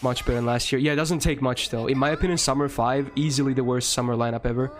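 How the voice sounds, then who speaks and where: A man's voice: mid-range voice, fairly even intonation, fast. A young man streaming a game and chatting casually with his viewers, answering their questions in a rambling way and swearing freely.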